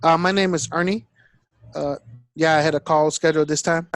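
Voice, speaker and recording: Man doing hesitant sales prospect, halting, filler-heavy, high-ish voice. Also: fairly even intonation, no echo, natural voice. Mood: unsure. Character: hesitant male sales prospect seeking side income. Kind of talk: sales call role-play.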